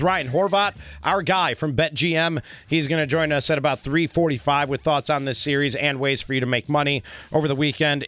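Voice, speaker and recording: A man guest-hosting a sports talk radio show, loud and playful, talking fast and now and then singing his lines. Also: on the high side, dry recording. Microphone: studio microphone.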